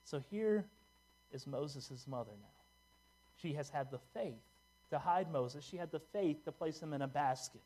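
A man's voice: fairly high pitch, a little slow, a little mellow. A man preaching a sermon in a church, reading scripture aloud and talking to the congregation in a conversational way, asking them questions and making joking asides. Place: church sanctuary.

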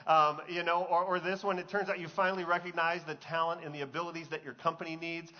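A man's voice: fairly high pitch, level tone, fast talker, lo-fi sound. A male pastor preaching a sermon in a conversational, joking way, asking the congregation questions. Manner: conversational, jokey, asks the crowd questions.

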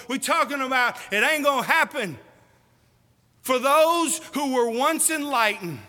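A man's voice: very high voice, bright, forceful tone. A man preaching a sermon, emphatic and folksy, firing questions at the congregation. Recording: reverberant hall.

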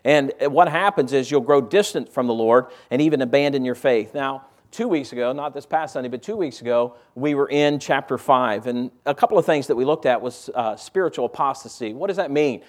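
A pastor preaching a sermon in a church, conversational and full of rhetorical questions put to the congregation. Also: male voice, mid-range voice, fairly quick, few pauses, a little mellow. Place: church auditorium.

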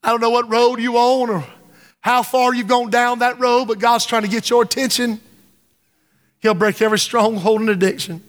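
A man preaching a fervent sermon from the pulpit, sometimes dropping to a hush and sometimes singing. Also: very high-pitched, level tone, normal speed. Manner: fervent preaching, drops to hushed tones and breaks into song. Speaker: pastor. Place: church sanctuary. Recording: reverberant church hall with music.

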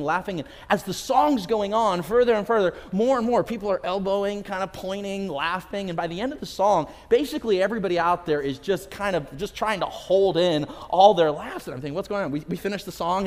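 Pastor guy telling a funny story in his sermon, kinda high voice, lots of church hall echo. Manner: storytelling, animated, self-deprecating humor. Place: church sanctuary. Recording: long reverb in a large hall.

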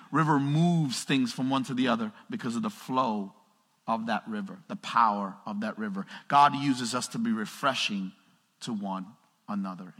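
A man's voice: medium pitch, fairly bright tone. A man pastor preaching a sermon in a church, throwing call-and-response questions at the congregation and building to emphatic peaks. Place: church sanctuary. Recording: long hall reverb.

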